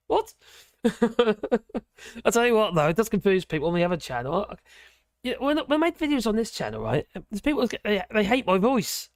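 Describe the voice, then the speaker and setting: A Norfolk man with a Norfolk English accent hosts a casual livestream chat, rambling with lots of fillers, chuckles and exclamations. His voice sits high and swoops wildly in pitch, moving fairly quickly but with long pauses. The studio sound is clean, with no room noise.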